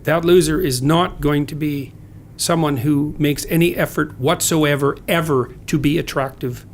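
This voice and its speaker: A man's voice: fairly high pitch, steady tone, normal speed, slight background noise. A man speaking as a podcast guest, earnest and lecturing, with sardonic asides. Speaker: guest author. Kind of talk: conversational podcast talk.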